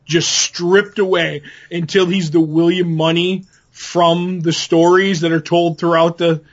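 A man's voice: fairly high pitch, level tone, a little slow, muffled recording. A man co-hosting a podcast, enthusiastically retelling movie scenes in casual chat. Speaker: podcast co-host.

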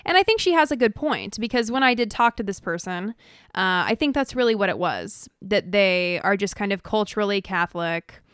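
A woman co-hosting a podcast in casual chat, speaking in a measured, easygoing way with dry jokes. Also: medium pitch, animated, a bit bright, clean tone, no echo. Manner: measured, easygoing, dryly joking. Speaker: podcast co-host.

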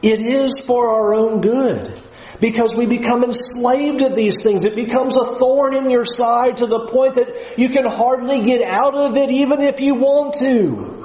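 A man with a fairly high voice teaches a Bible lesson, leaning hard on his points. He acts out the voices of the people he quotes. His voice rings in an echoey room. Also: a little slow, darkish tone.

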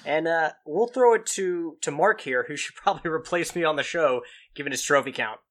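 A man with a Kentucky twang co-hosts a casual gaming podcast, joking and poking fun at the others. His voice sits a little high and sounds bright and forward. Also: a little fast. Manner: joking, playfully needling. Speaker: podcast co-host.

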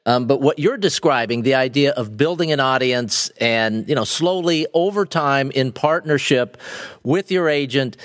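A man's voice: medium pitch, expressive, fairly bright tone, no echo. Thoughtful male podcast host, dry sound. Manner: thoughtful, halting, repeats words as he thinks. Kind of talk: interview questions.

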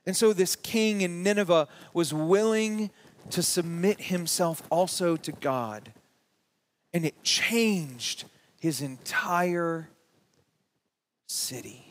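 A man preaching a sermon as pastor, with emphatic rising peaks and slow drawn-out words. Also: high voice, slight background noise. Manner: reads scripture and quotes aloud.

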